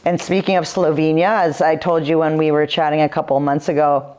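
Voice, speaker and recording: Low-voiced chatty woman in her forties. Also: flat delivery, brisk, a little mellow. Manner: chatty storytelling, filler-heavy "like". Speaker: guest, retired pro footballer. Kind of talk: podcast interview.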